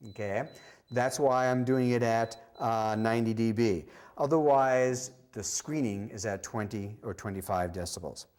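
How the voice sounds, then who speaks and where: A man's voice: medium pitch, a little slow, a little mellow. Plain-spoken man teaching a hands-on workshop. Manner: direct, practical, repeats key points. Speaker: hearing conservation specialist. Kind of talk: instructional demonstration.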